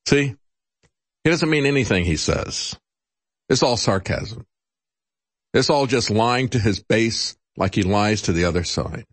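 A man's voice: a little slow, no room sound. A man hosting a political talk show, giving opinionated commentary with sarcasm and mocking voices when he quotes others. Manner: animated, rising pitch in quotes.

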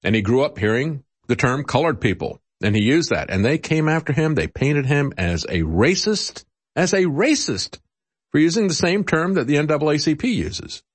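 Man, commentary host, sarcastic, mocking, animated pitch, filler-heavy delivery. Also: moderate pace, breathy edge. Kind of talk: opinionated radio-style commentary.

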